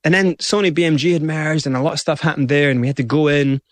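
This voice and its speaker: A man's voice: a little high, quick pace, dry recording. A man, a guest in an interview, recounting events animatedly and acting out other people's lines. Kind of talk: interview storytelling.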